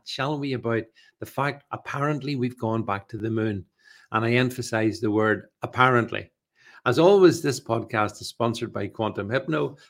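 A man's voice: medium pitch, creaky. A man hosting a solo podcast, talking in a sarcastic, mocking way and chuckling to himself. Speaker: podcast host.

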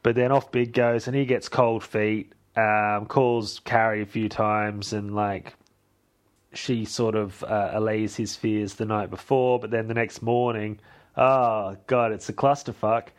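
A man's voice: fairly low pitch, little pitch movement, a little slow. A man hosting a podcast, recapping a film in a rambling, casual way with swearing and self-corrections. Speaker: podcast host.

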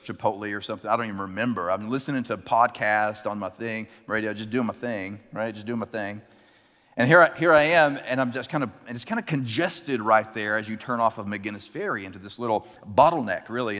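A man preaching a sermon, telling a personal story and acting out the people in it with lively energy. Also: mid-range voice, long reverb tail. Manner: animated, acts out characters in his story. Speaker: pastor.

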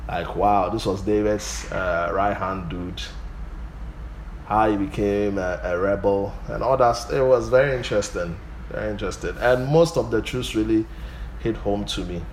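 A pastor teaching a Bible study, often stopping to say "Amen". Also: male voice, on the low side, normal speed, roomy sound, slight background noise. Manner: punctuates points with "Amen".

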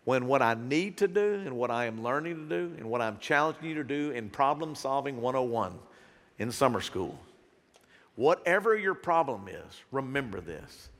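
A male pastor preaching a sermon, earnest and animated, with sudden loud bursts. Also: mid-range voice, moderate pace, big-room sound.

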